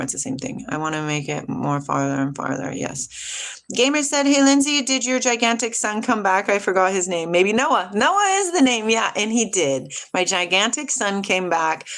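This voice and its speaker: A middle-aged woman hosting a casual spiritual livestream, reading viewers' comments aloud and answering them with lots of laughter. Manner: animated, laughs often, jumps between hushed and high. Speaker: livestream host reading chat.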